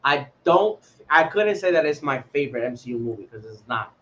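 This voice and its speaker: A man's voice: mid-range voice, lively intonation, a little fast, bright, forceful tone, highs cut off, slight background noise. A man co-hosting a podcast in casual chat, laid-back, laughing often and swearing freely. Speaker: podcast co-host.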